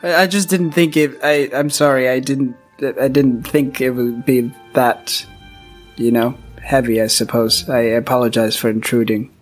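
A man's voice: medium pitch, steady tone, measured pace, faint music behind, close to an everyday voice. A man voicing a polite, curious young male adventurer who speaks hesitantly and apologetically in a tabletop role-play. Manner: hesitant, apologetic, many restarts.

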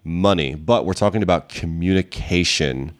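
A man's voice: low voice, normal speed, no room sound, clean studio sound. A young adult man co-hosting a podcast with his wife, upbeat and joking in easy banter. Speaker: podcast co-host. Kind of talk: casual podcast chat.

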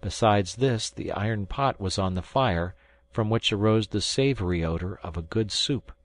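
A man reading a first-person story aloud in measured storytelling. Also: lowish voice. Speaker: audiobook narrator. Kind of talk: scripted first-person narration.

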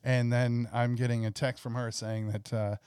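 Low-key man, dry close mic. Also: level tone, normal speed, darkish tone, smooth, dry recording. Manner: low-key, agreeable, brief replies. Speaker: podcast co-host. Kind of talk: casual podcast chat.

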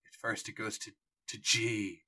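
A man's voice: on the low side, little pitch movement, unhurried, pushed and bright. A man narrating a tabletop horror game as game master, playful and emphatic.

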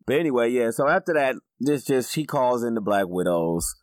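A man co-hosting a casual movie review podcast, his pitch leaping up and down as he gets excited. He laughs often and swears freely. The recording is close and dry, with no room sound. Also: brisk, no echo. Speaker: podcast co-host.

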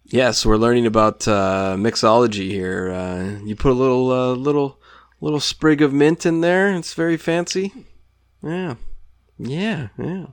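A man's voice: mid-range voice, measured pace, dry recording. Man, podcast co-host, rambling casual chat, laughs a lot, dry close sound. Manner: rambling, laughs often, trails off. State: drinking while talking.

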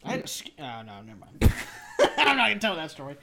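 A young man co-hosting a casual podcast chat, loud, laughing and joking crudely. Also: fairly high pitch, wildly swooping pitch, fast talker, creaky. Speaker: podcast co-host. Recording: noisy background hiss.

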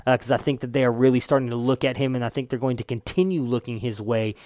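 A young fantasy football podcast host talks fast in a medium-pitched, slightly mellow voice, captured dry with clean studio sound. Loose and conversational, he curses now and then and corrects himself while reading stats.

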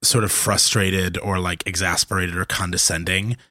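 Man, tabletop player, halting and full of fillers, deep bright voice, dry sound. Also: flat delivery, no echo. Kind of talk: playing a tabletop game.

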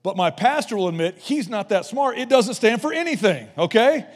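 A middle-aged man with a fairly high voice preaches to a church, punchy and playful, throwing in quick jokey voices. His words ring out with a long reverb, like a large sanctuary. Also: sing-song. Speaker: guest preacher. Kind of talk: energetic sermon.

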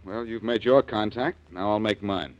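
An actor playing a cocky, wisecracking detective in a 1940s radio drama, trading quick sarcastic quips. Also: male voice, fairly low pitch, very noisy, close to an everyday voice. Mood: wry. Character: wisecracking reformed-thief detective, cool and cocky. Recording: dull old radio broadcast.

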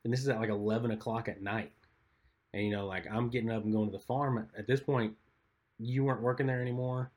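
A man's voice: mid-range voice, steady tone, fast, breathy edge. A man co-hosting a podcast, telling stories in a chatty way with lots of filler words. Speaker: podcast co-host. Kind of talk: casual storytelling chat.

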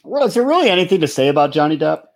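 A man's voice: fairly high pitch, sing-song, very fast. A man co-hosting a podcast, talking in a skeptical, dry, casual way. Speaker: podcast co-host. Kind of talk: casual chat.

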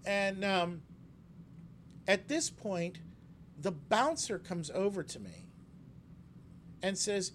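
A man's voice: high voice, takes it slowly, pauses often, slight background noise. A man co-hosting a casual chat, telling stories and acting out quotes in a raised voice. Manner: animated storyteller, acts out quotes in a raised voice. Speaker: podcast co-host.

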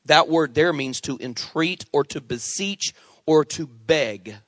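A middle-aged male pastor preaching a sermon in an animated way, calling on the congregation for amens. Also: a little high, slow, no echo.

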